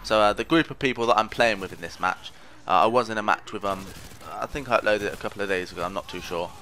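A man's voice: fairly low pitch, fast talker, bright, forceful tone, a little hiss or hum. A man giving casual commentary over his own gameplay, rambling, mocking himself and trash-talking opponents. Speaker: gaming commentator.

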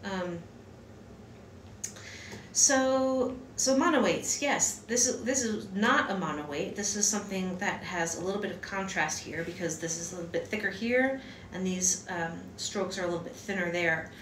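Slight background noise sits under a mid-range, fairly bright female voice at normal speed on a distant mic. She's giving a casual hand-lettering lesson in an echoey room at home, off-mic, rambling with lots of fillers and restarts.

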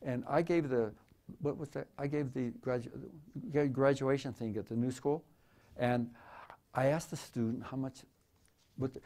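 A man's voice: mid-range voice, moderate pace, darkish tone. Rambling, joking man in his eighties. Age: 80s. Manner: rambling, jokey and irreverent, with stammered restarts. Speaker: photographer speaking at a museum talk. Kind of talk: live talk with audience questions. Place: museum auditorium before a live audience.

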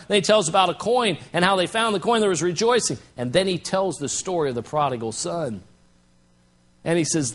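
High-voiced preaching man, loud to hushed. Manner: preaching with big swings from hushed to shouting. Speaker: pastor. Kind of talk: sermon. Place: church sanctuary.

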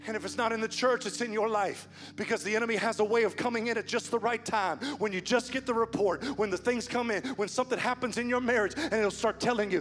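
Man, pastor, high voice, sermon, hushed then loud, soft music behind. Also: quick pace, hardly any pauses. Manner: preaching with dramatic swings from hushed to loud. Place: church sanctuary.

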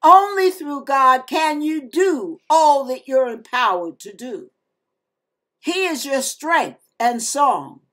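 A woman's voice: high voice, expressive, slow pace, fairly bright tone. A woman giving a fervent devotional sermon online, reading scripture aloud and talking directly to her listeners. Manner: fervent, emphatic, breaks into gospel singing; addresses listeners as y'all and you guys. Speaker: online preacher.

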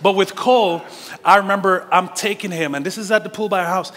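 Pastor: male, slightly high, forceful bright tone, animated storytelling sermon. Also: brisk, in a large hall. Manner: animated storytelling with laughs and direct questions to the congregation. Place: church sanctuary.

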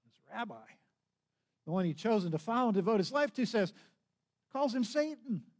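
A male pastor preaches in a loose, storytelling way, often restarting his sentences. His pitch sits a bit high for a man and swings widely as he acts out each moment. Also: sing-song, normal speed. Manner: conversational storytelling with restarts and acted quotes. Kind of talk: sermon.

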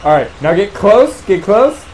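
A man's voice: high voice, sing-song, a little slow, heavy background noise. Teasing young man coaching a friend. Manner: teasing, coaching, laughing a lot. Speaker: streamer co-player. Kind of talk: casual gaming chat.

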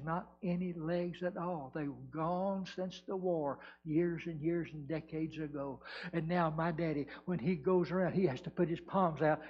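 A man preaching, voicing a solemn grown son whose father lost his legs in war, speaking low and earnest. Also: husky. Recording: dull lo-fi church recording.

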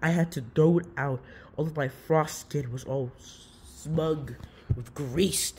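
A man's voice: on the high side, slow, darkish tone, a little hiss or hum. A man voicing a laid-back male frost bear who tells a story in a rambling, self-interrupting way. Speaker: storyteller and creator. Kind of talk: fan-made character story.

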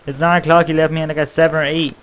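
A young man giving gameplay commentary, swearing and raging with outbursts that jump loud and high. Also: little pitch movement, racing, smooth, dull audio. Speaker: gaming channel host.

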